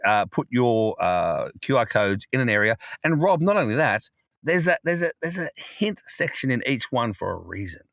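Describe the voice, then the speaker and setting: A cheery, chatty man co-hosting a podcast, his voice going a little hoarse. He speaks at a middling pitch in a dry, close room with no echo. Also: fairly bright tone, dull audio. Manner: upbeat, chatty, laughs often. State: losing his voice. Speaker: podcast co-host. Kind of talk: casual podcast chat.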